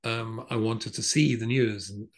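A man's voice: lowish voice, steady tone, a little slow. An older man from England, a rabbi, telling a long personal story in a rambling way with many fillers and restarts. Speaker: rabbi giving a talk. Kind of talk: storytelling talk.

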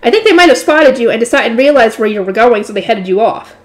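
Worried young knight guy a woman reads out, low and urgent. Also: lively intonation, fast, natural voice. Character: tense young male knight guard.

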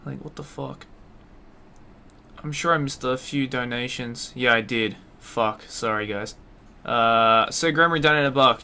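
Young male streamer, bright forceful voice, swears, mutters then yells, faint room hum behind. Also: medium pitch, fairly quick. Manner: swears a lot, talks to himself, yells in frustration. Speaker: streamer playing a horror game. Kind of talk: live gameplay commentary.

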